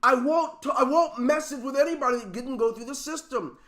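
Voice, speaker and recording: Brief: high-pitched male team leader, emphatic motivational speaker on a video call, fires off rhetorical questions. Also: a little fast, fairly bright tone. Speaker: network marketing team leader.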